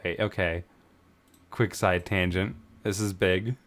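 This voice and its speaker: A man's voice: low-pitched, steady tone, takes it slowly, a bit bright. A man hosting a casual reaction video, swearing often and sighing, plainly moved by what he watches. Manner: swears often and sighs between remarks; emotional and easily moved.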